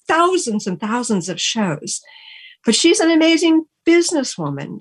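A woman radio talk show host speaks with open gratitude. Her voice sits at a middling pitch, and her sentences often stop and restart as she searches for words. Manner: earnest, gushing and grateful, with many restarts. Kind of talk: heartfelt on-air thank-yous.

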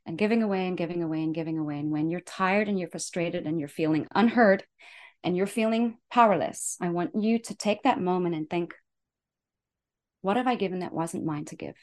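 Expressive, enthusiastic woman life coach. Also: on the low side. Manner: enthusiastic, expressive, swings between loud and soft. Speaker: life and health coach, show host. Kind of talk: motivational talk.

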